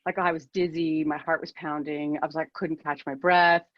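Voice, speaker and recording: A woman's voice: deep voice, level tone, normal speed, dry recording, highs cut off. A woman in her fifties, a keynote speaker, telling a personal story over a video call in a candid, self-deprecating way.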